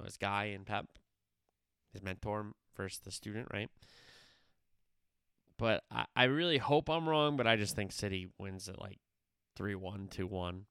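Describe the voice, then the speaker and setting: A man's voice: fairly low pitch, clear, resonant tone, dry recording, studio quality. A man hosting a casual sports talk show, chatting through predictions with fillers and rhetorical questions, getting more emphatic as he lays out his picks. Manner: grows louder and more emphatic when giving picks. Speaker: sports podcast host.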